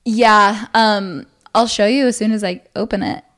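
A young woman co-hosting a podcast, chatting casually in a measured way, often pausing with um. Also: medium pitch, steady tone, a bit bright. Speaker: podcast co-host. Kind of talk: casual chat.

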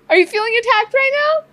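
A woman co-hosting a casual chat with her husband, telling a story in an animated, playful way with frequent laughter and acted-out quotes. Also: extremely high pitch, a little hiss or hum. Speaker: co-host of a couple's channel.

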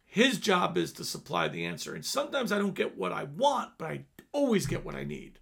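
A man's voice: high voice, huge pitch swings, a little fast, gravelly, a bit bright, breathy edge. A man in his fifties preaching an earnest sermon, dropping at times to near-whispers. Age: 50s. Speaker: pastor.

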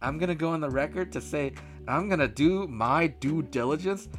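A man from Canada co-hosting a casual podcast, telling a story in an animated rant full of swearing and acting out both sides of a phone call. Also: a little high, moderate pace, faint music behind. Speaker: podcast co-host.

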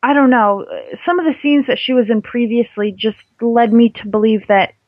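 A woman's voice: on the high side, moderate pace, dry recording, narrow, tinny audio. A woman co-hosting a podcast over a remote call, chatty and giggly in casual conversation. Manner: chatty and giggly, many fillers. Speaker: podcast co-host. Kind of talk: casual chat.

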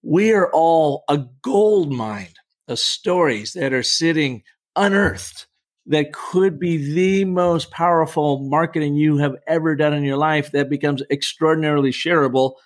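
A man's voice: fairly high pitch, measured pace. Emphatic, persuasive middle-aged man. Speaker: storytelling coach and guest. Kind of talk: energetic podcast interview.

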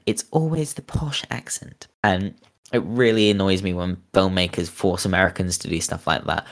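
A young man with a very low, deep voice and a neutral British accent, talking in a loose podcast chat. He rambles, restarts sentences and leans on fillers, dropping in cynical asides. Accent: neutral British, neither northern nor southern. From Britain. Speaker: podcast co-host. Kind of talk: casual opinion chat.

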